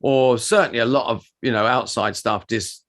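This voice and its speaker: A man's voice: mid-range voice, normal speed, a bit bright. A middle-aged man co-hosting a podcast, telling anecdotes in a casual, rambling way with many restarts. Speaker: podcast co-host and performer.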